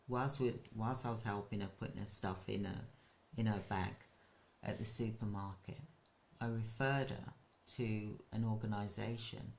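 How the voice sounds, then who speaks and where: Man, care business owner, hosts a casual live stream, slow and gravelly, halting delivery. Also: on the low side.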